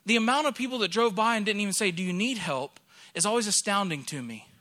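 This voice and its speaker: A man in his thirties, a pastor from Alabama, preaching a sermon through a lively personal story and acting out the people he quotes. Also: high voice, fast talker.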